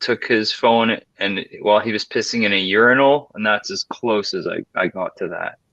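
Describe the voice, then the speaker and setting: A man's voice: fairly low pitch, moderate pace, sharp tone. A man chatting casually on a live stream, joking and often trailing off mid-sentence. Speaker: stream co-host. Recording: dull lo-fi stream audio.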